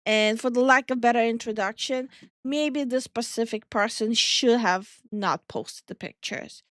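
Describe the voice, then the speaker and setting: A woman from Estonia talks on a live stream in a blunt, opinionated way, swearing freely as she co-hosts. Her voice sits a little high. The sound is dry and close to the mic. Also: measured pace, a bit bright, no room sound. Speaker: VTuber streamer and co-host. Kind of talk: casual stream chat.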